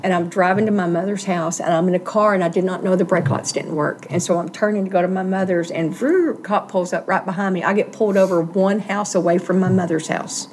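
A middle-aged woman telling her own life story in a plainspoken, earnest, halting way. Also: fairly low pitch, a little mellow, a little hiss or hum. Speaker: guest sharing recovery story. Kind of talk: personal testimony, casual storytelling.

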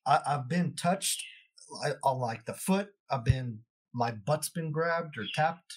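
A man chatting on a podcast, speaking in a hesitant, halting way with restarts. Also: on the high side. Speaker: paranormal investigator, podcast guest. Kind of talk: casual podcast chat.

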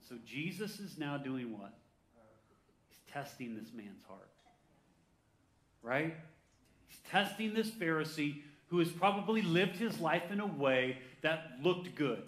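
A man preaching a sermon with energy, who reads scripture slowly and calls out to the congregation for answers. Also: on the high side, animated, reverberant. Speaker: pastor.

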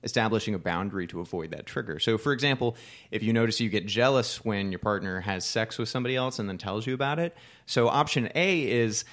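A man talks through relationship advice in a relaxed, frank way, like the life coach he is. He co-hosts a casual podcast and explains his points step by step in an ordinary voice. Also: lowish voice, fast.

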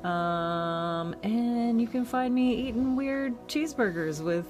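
A woman's voice: on the high side, takes it slowly, music in the background. Easygoing woman co-host. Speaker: podcast co-host. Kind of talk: casual group chat sign-off.

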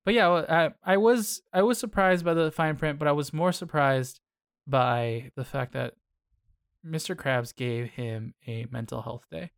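A man co-hosting a podcast in a casual, playful chat, full of filler words and quick asides. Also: a little high, gravelly, clear, resonant tone, no echo, clean studio sound. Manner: animated, playful, lots of filler "like". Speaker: podcast co-host.

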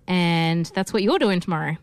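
A woman's voice: on the low side, expressive, normal speed, smooth, no room sound, clean studio sound. Chatty Australian woman hosting a podcast. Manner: chatty, rambling, many ums and restarts. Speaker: podcast host. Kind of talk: casual film podcast chat.

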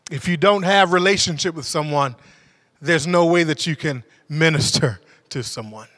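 A male preacher delivers a sermon with a high-pitched, bright, ringing voice. He tells a personal story with great animation, rising to shouts and then dropping to near whispers. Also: moderate pace.

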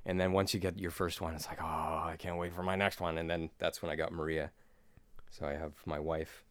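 A man's voice: low-pitched, flat delivery, fairly quick, fairly bright tone. A middle-aged man, a voice-over artist and former radio DJ, chatting as a podcast guest in a playful, jokey way. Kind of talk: casual chat.

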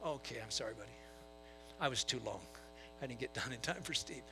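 A man preaching a sermon to a church, telling stories and swinging between soft asides and loud bursts. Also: mid-range voice, animated, fairly quick, music in the background, rough recording. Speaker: pastor.

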